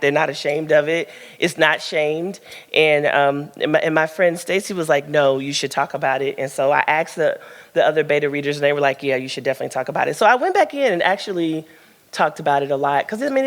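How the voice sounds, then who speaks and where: A woman's voice: deep voice, fairly bright tone. Frank, chatty woman in a reverberant hall. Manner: frank, chatty and laughing, tells stories with lots of fillers. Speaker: author answering audience questions at her book release. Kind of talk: candid Q&A at a live book event. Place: event room at a book launch.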